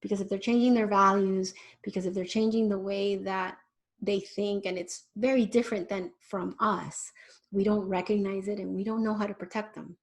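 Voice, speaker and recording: Animated woman giving a parenting talk. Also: medium pitch, moderate pace. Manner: animated, speaks straight to parents with rhetorical questions; conversational, with fillers and restarts. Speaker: parenting educator. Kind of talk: online parenting lecture.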